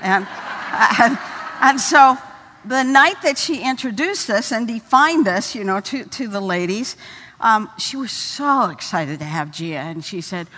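An older woman speaking at a conference, telling humorous stories in a lively way and often repeating her words. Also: a little high, measured pace, long reverb tail. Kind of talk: storytelling conference talk. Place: conference hall stage.

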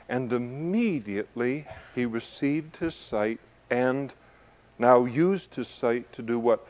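A man preaching a conversational sermon, joking in asides, building to loud emphasis and then easing down soft. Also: mid-range voice, animated, takes it slowly. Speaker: pastor. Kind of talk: expository sermon to a congregation.

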